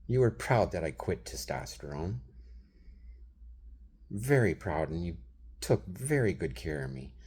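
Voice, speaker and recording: A man's voice: low voice, very animated, moderate pace, darkish tone, slightly rough. A man in his thirties venting in a rambling monologue to camera, addressing someone who isn't there and dropping into whispered asides. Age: 30s. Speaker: vlogger.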